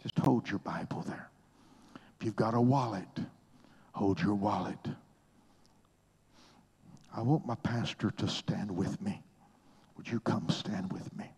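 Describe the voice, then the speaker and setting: An older man preaching a sermon with a husky, breathy voice. He takes his time, drops into hushed whispers, then bursts into loud, high exclamations. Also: slow, pauses often.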